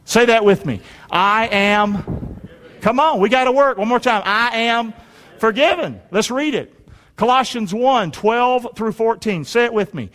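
A man's voice: very high-pitched, lively intonation, normal speed. A man preaching a sermon, leading the congregation in call-and-response and reading scripture aloud. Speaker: pastor. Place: church sanctuary. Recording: long hall reverb.

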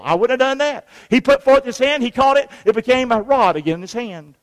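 In a large hall with long reverb, a pastor preaches in an extremely high, animated voice, fairly quick and with few pauses. His sermon is folksy and conversational, with scripture read aloud and the congregation repeating after him.

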